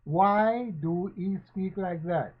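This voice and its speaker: A man speaks in a fairly high voice at an unhurried, deliberate pace. He fires rhetorical questions one after another and leans on repeated phrases like a preacher. The sound is dull and lo-fi. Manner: slow, emphatic preaching cadence. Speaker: commentator. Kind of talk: spoken social commentary. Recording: dull lo-fi recording.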